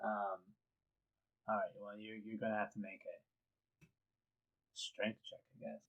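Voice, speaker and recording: A man's voice: lowish voice, level tone, measured pace, a bit bright, highs cut off. A man acting as dungeon master, describing scenes unhurriedly and hesitating when improvising. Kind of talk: narrating a tabletop game.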